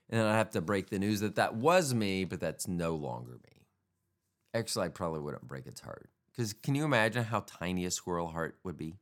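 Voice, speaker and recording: A man's voice: lowish voice, sing-song, moderate pace. A man hosting a podcast, rambling casually on his own in a jokey, profane way. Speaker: podcast host. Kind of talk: casual solo podcast monologue.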